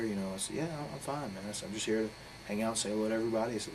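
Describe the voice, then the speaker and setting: A man speaks in a fairly low voice, words tumbling out quickly. He is blunt and profane as he recounts a heated personal story in a candid interview, with faint noise behind him. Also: steady tone. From North Carolina. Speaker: interviewee, professional wrestler.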